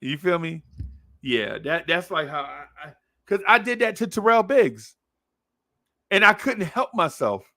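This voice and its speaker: Animated storytelling man, dry close mic. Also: high voice, unhurried, dry recording. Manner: excitable storyteller, acts out voices, laughs often. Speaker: podcast co-host telling a story. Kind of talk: casual chat, animated storytelling.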